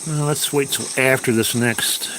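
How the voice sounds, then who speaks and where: A man's voice: mid-range voice, steady tone, normal speed, background noise. A man chatting casually on a livestream while he edits video, talking to himself and to his viewers as he works.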